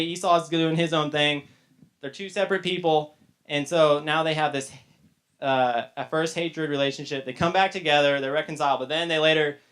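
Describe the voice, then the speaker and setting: A man's voice: fairly high pitch, fairly bright tone. A man teaching a casual Bible lesson to young people, retelling the story loosely with chatty asides. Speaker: youth teacher.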